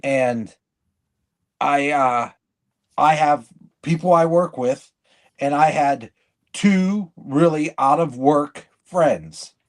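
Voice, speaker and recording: A man's voice: on the high side, takes it slowly, pauses often. A man co-hosting a podcast in casual chat, rambling and blunt, often breaking off and restarting his sentences. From living in Michigan. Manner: rambling, blunt, self-interrupting. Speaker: podcast co-host.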